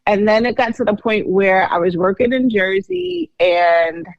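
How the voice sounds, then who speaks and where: A woman's voice: mid-range voice, lively intonation, unhurried, no echo, muffled recording. A woman co-hosting a podcast, telling her own story in a candid, chatty way. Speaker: podcast co-host.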